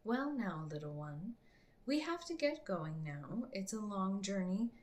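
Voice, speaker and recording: A woman reading aloud and voicing a stern priestess warrior in a storybook, speaking softly and coolly, sometimes in a whisper. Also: medium pitch, lively intonation, unhurried, close to an everyday voice. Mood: coaxing. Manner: soft, cool and hushed, at times whispered.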